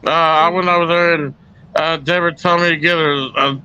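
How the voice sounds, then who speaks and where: Bright-voiced teasing son, lo-fi. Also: male voice, a little high, steady tone, a little fast, clean tone. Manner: teasing, laughs often. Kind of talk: casual live chat. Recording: dull lo-fi sound.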